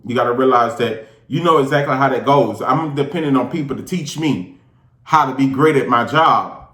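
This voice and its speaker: A man from Georgia with a Southern accent, casually telling a personal story with lively, slangy delivery and big swings in his voice. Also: mid-range voice, moderate pace, echoey room. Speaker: show host.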